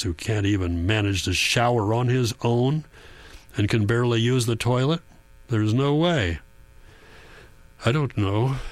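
A man reading a first-person audiobook in a quiet, measured, reflective way. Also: lowish voice, dry recording. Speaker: audiobook narrator. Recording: dry booth with faint mains hum.

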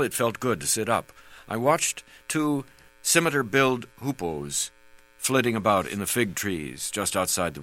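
A man reading a memoir aloud as an audiobook narrator, calm and measured. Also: sits low, rough recording. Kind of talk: scripted narration.

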